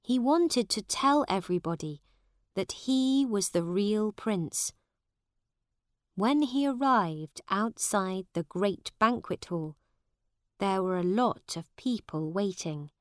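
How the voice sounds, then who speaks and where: A woman narrating a storybook in a careful, deliberate way. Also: medium pitch, animated, no room sound, studio quality. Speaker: audiobook narrator. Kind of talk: slow storybook narration for learners.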